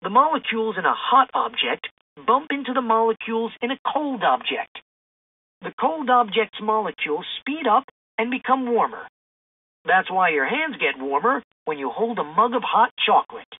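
Lively woman reading a children's book. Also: on the high side, normal speed, slightly rough, no room sound. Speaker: storybook reader. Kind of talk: children's book read-aloud. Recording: tinny phone-like sound.

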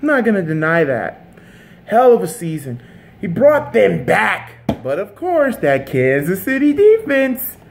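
Heated, swearing sports-vlog ranter, lively pitch. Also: unhurried, gravelly, slight background noise. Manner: heated, profane, repeats himself and restarts mid-sentence. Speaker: sports vlogger. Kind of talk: casual sports rant to camera.

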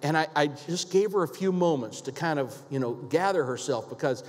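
A man's voice: a little high, fairly quick. A man preaching a sermon and telling a personal story, often repeating words as he restarts. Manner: storytelling, quotes others in lively voices, repeats words at restarts. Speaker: pastor. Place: church sanctuary. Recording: long hall reverb.

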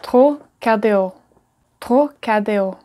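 Woman, learner, hesitant repeats, stumbling, very slow. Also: medium pitch, dark tone.

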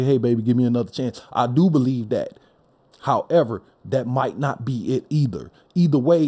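Detroit man hosting a casual podcast, blunt and cussing, mellow voice. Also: medium pitch. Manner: blunt, profane, emphatic. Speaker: podcast host. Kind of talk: casual opinion monologue.

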